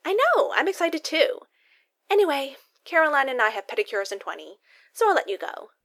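A woman's voice: high voice, sing-song, fast, a bit bright, pitched above the performer's own voice, full character voice. A woman reading a story aloud and voicing a chatty, upbeat younger sister.

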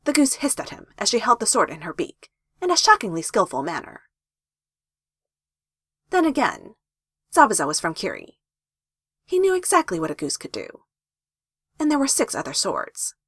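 Husky woman reading fanfic aloud. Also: medium pitch, moderate pace, long pauses, dry recording, clean studio sound. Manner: lively, playful emphasis. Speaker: fanfiction reader. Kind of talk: expressive story narration.

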